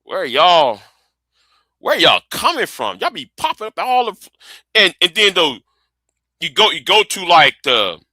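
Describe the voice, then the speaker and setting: A man's voice: sits high, wildly swooping pitch, unhurried, long pauses, sharp tone, no room sound. A man chatting casually on his live stream, rambling and profane, often repeating words while he thinks.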